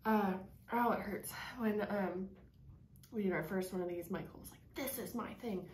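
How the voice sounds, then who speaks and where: A woman's voice: medium pitch, moderate pace, a little mellow. A woman in her thirties rambles through casual chat with plenty of fillers, her mouth burning and drooling from spicy food. She is recorded at home in an echoey room with a faint hiss behind her. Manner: chatty, rambling, with many fillers. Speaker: channel co-host.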